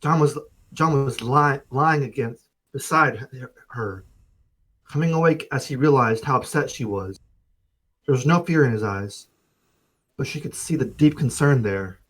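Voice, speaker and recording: Male streamer narrating a story game, casual and jokey, even middle voice. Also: medium pitch, unhurried, slightly rough, poor audio. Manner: casual, joking asides between narrated lines. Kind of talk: reading a visual novel aloud on stream.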